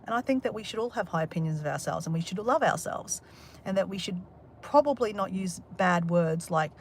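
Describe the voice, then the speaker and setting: A woman's voice: on the low side, animated, a little fast, slight background noise. An Australian woman chatting casually on a livestream, rambling and joking with a sarcastic, self-mocking humour as she reads out viewer comments. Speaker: livestream host. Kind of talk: casual live chat reading comments.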